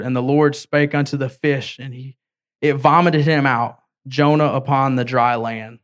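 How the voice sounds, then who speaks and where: A man preaching a sermon as an evangelist, retelling a story in casual words and reading scripture aloud with halting slips. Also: mid-range voice, steady tone, fairly bright tone. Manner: storytelling, voicing characters in a casual way.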